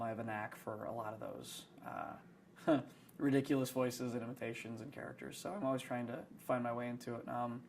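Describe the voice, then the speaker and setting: A young man, an actor, chats in a behind-the-scenes interview. He rambles and hedges with plenty of fillers, poking fun at himself. His voice sits at an ordinary middle pitch. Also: a little hiss or hum. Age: young adult. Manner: rambling, self-deprecating, many fillers.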